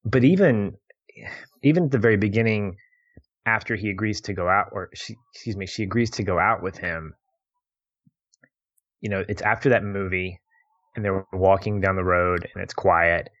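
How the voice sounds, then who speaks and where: Man, low, thoughtful talker, muffled lo-fi audio. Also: moderate pace, long pauses, a bit bright. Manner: reflective, laughs easily. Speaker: podcast co-host discussing a film. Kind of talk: casual chat. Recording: dull lo-fi audio.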